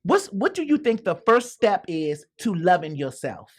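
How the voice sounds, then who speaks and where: Lively, playful woman radio host. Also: fairly low pitch, measured pace. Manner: playful, blunt, teasing. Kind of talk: casual talk show interviewing.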